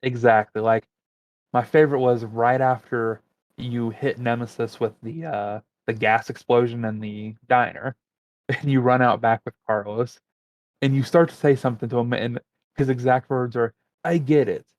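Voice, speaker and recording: Podcast dude rambling along, looking stuff up mid-sentence, kinda dull dry recording. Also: male voice, mid-range voice, moderate pace, dry recording. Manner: relaxed, rambling, looks things up as he talks. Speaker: podcast co-host. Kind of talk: casual chat.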